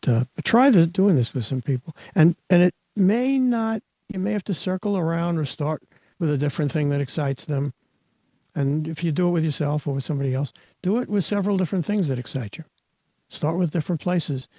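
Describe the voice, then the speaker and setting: Man, host, emphatic coaching talk, repeats himself, mellow tone, dull lo-fi audio. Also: a little high, husky, dry recording. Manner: emphatic, repeats words, frequent restarts. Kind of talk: live audio-room talk, teaching.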